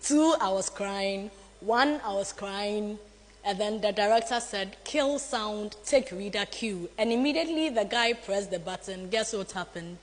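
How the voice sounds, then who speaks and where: A woman with a Ghanaian English accent, a newscaster telling an animated, dramatic story about her career. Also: mid-range voice, moderate pace. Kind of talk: motivational storytelling talk. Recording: long hall reverb.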